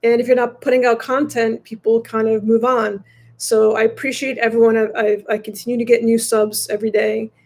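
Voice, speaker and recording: A woman in her fifties chatting casually to viewers from a hotel room, rambling and halting with many fillers and restarts. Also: fairly high pitch, level tone, darkish tone. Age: 50s. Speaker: motorcycle vlogger.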